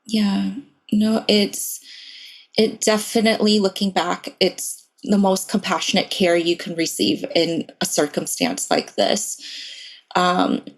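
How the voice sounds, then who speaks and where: A woman in her thirties, a podcast guest, telling a personal story in a soft, halting way with many pauses. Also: mid-range voice.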